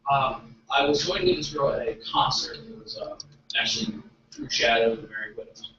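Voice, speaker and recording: A man's voice: mid-range voice, wildly swooping pitch, a little fast, gravelly, bright, forceful tone, a little hiss or hum. Self-deprecating man doing stand-up, echoey room. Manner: self-deprecating, awkward storytelling with acted-out quotes. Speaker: stand-up comedian. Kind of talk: stand-up routine. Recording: echoey, dull recording from a distant mic.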